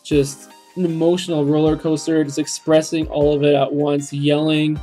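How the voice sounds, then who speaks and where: A man's voice: on the high side, flat delivery, normal speed, mellow, faint music behind. A young man hosting a reaction video, talking through song lyrics in an earnest, reflective way with many ums. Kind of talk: casual spoken commentary on song lyrics.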